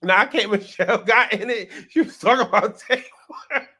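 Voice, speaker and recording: A man hosts casual reaction commentary in a high, bright, sharp-edged voice. He talks with sass, breaks into laughter often and drives his points home by repeating words. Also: moderate pace. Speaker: host.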